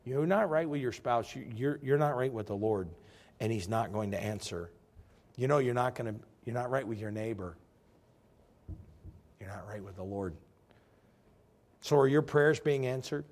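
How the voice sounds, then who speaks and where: A man's voice: mid-range voice, expressive, normal speed, long pauses. A man preaching a sermon as pastor. He tells folksy stories and presses the congregation with direct questions, pushing harder as he drives his points home. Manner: folksy storytelling.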